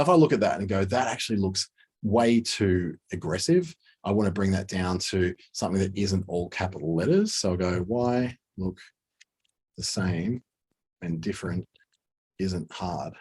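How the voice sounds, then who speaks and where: Low husky man talking through a screen tutorial. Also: lively intonation, brisk, a little mellow. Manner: casual, thinking aloud while clicking. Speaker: design tutor. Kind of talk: screen-share software tutorial.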